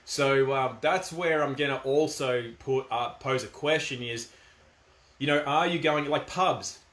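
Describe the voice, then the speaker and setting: A man's voice: mid-range voice, a little slow, a bit bright. Emphatic Australian man in an echoey room. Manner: emphatic, firm, conversational. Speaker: commentator. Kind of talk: casual monologue to camera.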